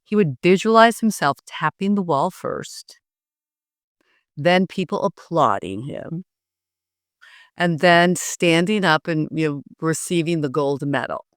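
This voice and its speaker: A middle-aged woman coaching public speaking, lively and often laughing as she demonstrates. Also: on the low side, unhurried, dry recording, clean studio sound. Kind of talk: instructive interview talk.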